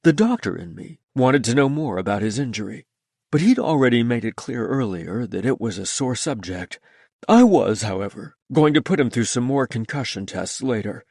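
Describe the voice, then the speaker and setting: A man narrating a story in the first person with a lively, expressive delivery. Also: mid-range voice, moderate pace, dry recording, clean studio sound. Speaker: audiobook narrator.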